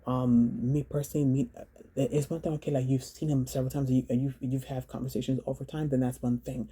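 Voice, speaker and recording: A woman telling her own story in a vlog, halting and earnest, often repeating words and phrases. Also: a bass voice, flat delivery, mellow, slightly rough. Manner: earnest, urging viewers to slow down.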